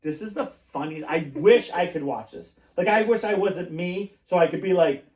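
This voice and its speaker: A man's voice: sits high, normal speed, a little mellow. Chatty man in an echoey room. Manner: rambling storyteller, laughs often. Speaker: podcast host. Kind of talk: casual chat. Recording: echoey room, mic at a distance.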